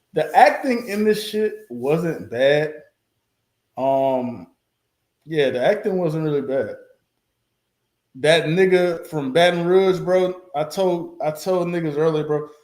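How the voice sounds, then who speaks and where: A man's voice: mid-range voice, a little mellow. A man hosting a reaction video, talking bluntly and casually with plenty of profanity. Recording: roomy echo.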